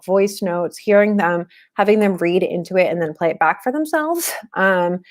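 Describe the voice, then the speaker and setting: A woman in her thirties giving a casual instructional webinar talk, conversational with frequent fillers. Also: mid-range voice. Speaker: webinar presenter on teaching reading.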